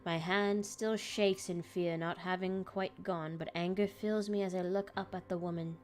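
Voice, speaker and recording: A woman's voice: lowish voice, steady tone, normal speed, soft background music. A woman streamer reading a visual novel aloud dramatically, breaking off with laughing asides.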